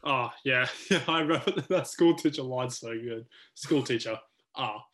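A man co-hosting a casual film podcast, relaxed and agreeable. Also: medium pitch, moderate pace. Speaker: podcast co-host.

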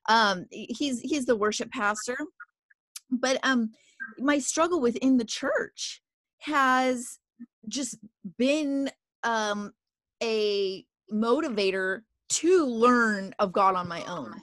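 A woman's voice: on the high side, takes it slowly, a bit bright, no room sound. A woman hosting a podcast, sincere and affirming as she talks. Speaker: podcast host. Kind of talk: candid podcast conversation.

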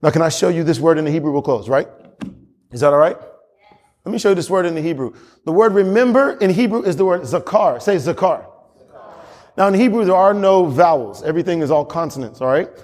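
A man's voice: fairly high pitch, expressive, a little fast, a little mellow. A male pastor preaching a sermon with emphatic repetition and frequent chuckles. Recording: long hall reverb.

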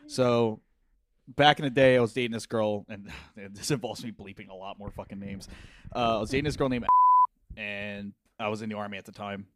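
A podcast host tells a party story during casual chat, often laughing, swearing, and acting out what people said. His voice is lowish and a little fast.

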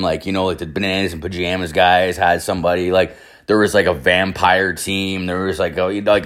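A young man from Ireland telling a rambling, swear-filled party story in casual chat, acting out quotes with sudden jumps in pitch. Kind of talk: casual anecdote, heavy swearing.

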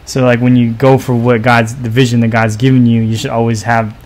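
A man sharing his thoughts in a relaxed podcast chat, his voice at an ordinary middle pitch. He circles around his point with lots of "um" and "like", calm and reflective. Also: a little fast. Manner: rambling, many fillers, reflective. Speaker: podcast co-host. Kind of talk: casual faith podcast chat.

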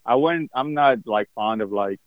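A man's voice: medium pitch, normal speed, no echo, phone-quality sound. A man on a podcast as a guest, talking casually and hesitantly with a lot of "like" and "um". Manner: hesitant, many "like" and "um" and restarts.

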